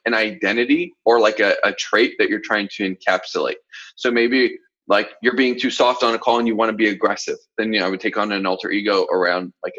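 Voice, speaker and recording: A man from the Southern US coaching confidently in a casual podcast chat, with animated asides. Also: lowish voice, breathy edge, lo-fi sound. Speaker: sales coach, podcast co-host.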